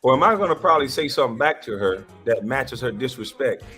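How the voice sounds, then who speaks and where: A man hosting an online panel, ranting in heated commentary with a loud, combative, repetitive style. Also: medium pitch, lively intonation, fast talker, faint music behind.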